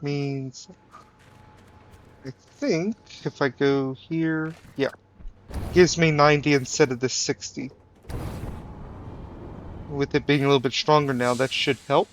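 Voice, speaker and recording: Chatting casually during a live gameplay stream, a man teases his viewers and jokes in mock British phrases. He talks slowly with long pauses, in a medium-pitched voice with fairly even intonation, over slight background noise.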